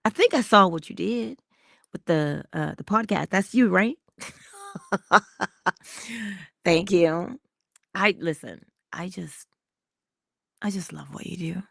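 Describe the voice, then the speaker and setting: Slow gravelly woman, soft and intimate. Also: lowish voice, dry recording, clean studio sound. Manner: slow, intimate, drops into whispers. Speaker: motivational livestream host. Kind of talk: inspirational talk with live chat greetings.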